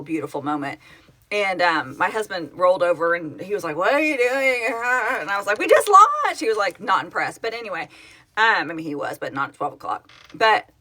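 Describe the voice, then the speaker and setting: Low-pitched, bright, and forceful, the voice belongs to a middle-aged Oklahoma woman who founded a project and hosts casual home live streams on her phone. She rambles through replies to her viewers' comments, frequently stopping to correct herself.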